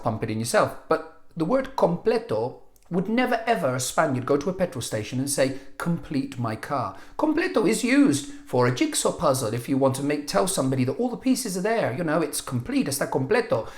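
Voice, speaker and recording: A man teaching a language lesson on video, animated, jokey and a bit exasperated. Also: fairly high pitch, fairly quick. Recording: echoey room.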